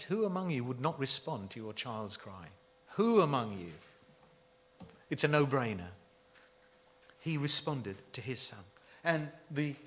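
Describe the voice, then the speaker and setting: A man's voice: a little high, fairly bright tone. A man preaching a sermon, emphatic and full of rhetorical questions to his listeners.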